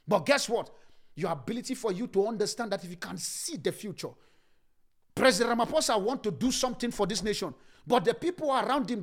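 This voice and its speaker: A male preacher delivers a sermon in a high, animated voice. He repeats key lines for emphasis and swings from loud declarations to hushed asides. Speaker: pastor.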